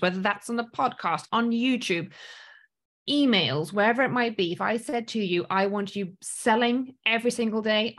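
Business coach, woman, thirties, British accent with a light South African tinge, earnest and direct, mid-pitched. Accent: mostly British with a light South African tinge. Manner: earnest, coaching, asks rhetorical questions. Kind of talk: motivational solo talk.

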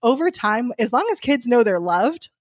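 Reflective mom talking in casual chat. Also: female voice, a little high, sing-song, normal speed, dry recording, studio quality. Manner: reflective, loose with many "like" fillers.

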